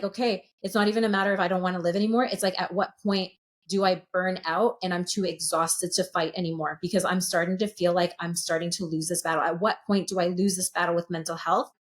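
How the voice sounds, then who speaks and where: A woman in her late thirties, a sound healer speaking as a podcast guest, telling her story openly and earnestly and swearing freely. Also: lowish voice. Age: late 30s. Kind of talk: candid podcast conversation.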